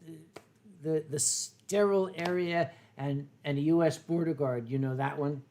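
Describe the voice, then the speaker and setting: An older man hosting a boozy chat show, telling rambling stories, swearing freely and stopping to cough and clear his throat. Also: a little high, normal speed, darkish tone, a little hiss or hum. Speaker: host. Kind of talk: boozy late-night chat show banter.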